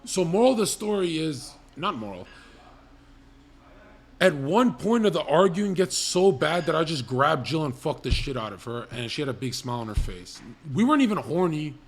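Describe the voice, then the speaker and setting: A man's voice: on the high side, very animated, normal speed. Profane rambling man telling stories. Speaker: livestream host. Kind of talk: crude comedic storytelling.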